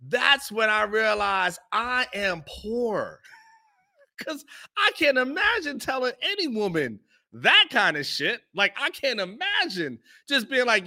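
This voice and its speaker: A man's voice: high voice, very animated, unhurried, vocal fry, bright, forceful tone. A man hosting a live podcast, telling a story in loose slangy chat and chuckling often, into his own microphone. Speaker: podcast host. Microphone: own microphone on a live stream.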